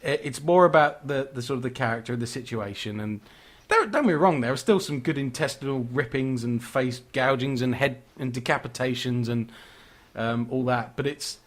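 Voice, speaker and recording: A man co-hosting a casual podcast, chatting eagerly and often breaking into laughter. His voice sits in an ordinary middle pitch, and he rambles on with frequent restarts. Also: moderate pace. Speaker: podcast co-host. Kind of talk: casual horror film chat.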